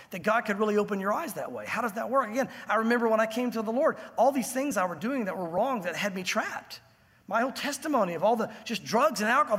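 Casting: male pastor, very high-pitched, husky, lively storytelling sermon in a church with a long reverb tail. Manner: animated storytelling, acting out voices in the scene.

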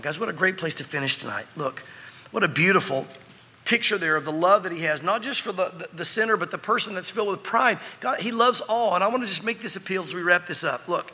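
A man preaching a sermon, animated and acting out the characters of the parable he reads. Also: high-pitched, fast, slightly rough, long reverb tail. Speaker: pastor. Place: church hall.

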